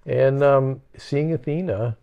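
A middle-aged man co-hosting a podcast, telling a personal story casually with halting restarts. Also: mid-range voice, gravelly, warm tone, highs cut off. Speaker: podcast co-host. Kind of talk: casual chat.

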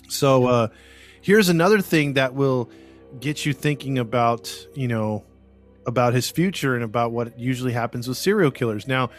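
An American man at an everyday mid pitch, hosting a podcast and spinning a true-crime story. He talks loosely, full of "you know" and restarts, laughing easily between points. Faint music sits under his voice. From United States. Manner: loose, conversational, many fillers, laughs easily. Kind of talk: casual storytelling chat.

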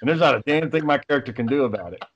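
A man's voice: medium pitch, expressive, racing, highs cut off. A man telling rambling, profane stories in casual chat with friends.

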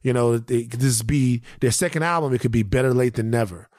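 A man co-hosting a podcast, ranting in casual banter and breaking into mocking high-pitched impressions of his friends. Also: a little fast, darkish tone, no echo, studio quality. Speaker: podcast co-host.

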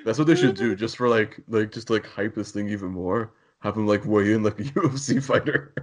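A man's voice: fairly low pitch, steady tone, brisk. A man co-hosting a casual comedic chat, joking and laughing often. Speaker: podcast co-host.

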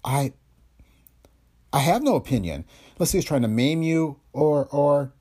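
A man voicing a nervous young actress, breathy and stammering, in an audiobook of a detective story. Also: a little high, expressive, unhurried, mellow, pitched above the performer's own voice. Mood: evasive. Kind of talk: audiobook character voice.

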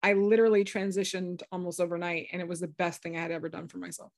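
A woman's voice: lowish voice, quick pace, no room sound, studio quality. A woman guest, a healer and former psychic, telling a story in conversation and acting out the voices she quotes. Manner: animated, acts out quoted voices.

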